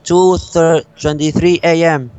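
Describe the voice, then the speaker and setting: Easygoing man, slightly high voice. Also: steady tone, unhurried, darkish tone. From Argentina. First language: Spanish. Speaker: guest. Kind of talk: casual group-call chat.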